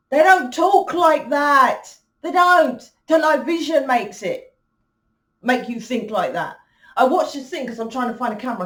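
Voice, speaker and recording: Woman, blunt and emphatic, highish voice, roomy echo. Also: far from the mic. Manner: blunt, emphatic, swears freely. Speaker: spiritual reader. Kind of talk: casual monologue to viewers.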